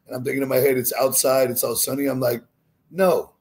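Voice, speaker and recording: A man's voice: mid-range voice, flat delivery, fairly quick, darkish tone, slightly rough. A man, a bodybuilding YouTuber, telling laid-back stories in casual podcast chat and acting out the quoted lines.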